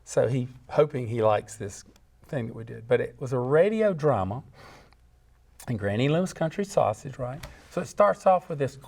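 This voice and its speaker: A man, a guest jingle composer, telling lively stories with frequent laughs and acted-out voices. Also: medium pitch, moderate pace, vocal fry. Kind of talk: animated storytelling.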